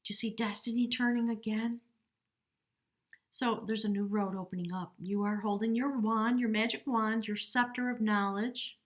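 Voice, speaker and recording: A woman's voice: fairly high pitch, steady tone, moderate pace. A woman giving a casual tarot reading to camera, chatty and heartfelt, talking straight to the viewer. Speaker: tarot reader.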